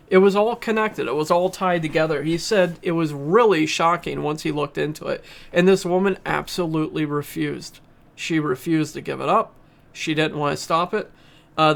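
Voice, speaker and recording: Gravelly man earnestly retelling a story. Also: a little high, fairly bright tone. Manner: earnest storyteller, frequent uh fillers. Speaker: podcast reviewer. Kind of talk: casual spoken retelling and commentary.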